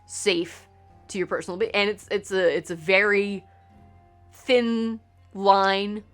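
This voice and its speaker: A woman's voice: mid-range voice, steady tone, slow, fairly bright tone, faint music behind. A woman hosting a let's play, congested and talking in a rambling, opinionated way, swearing now and then during casual gaming commentary.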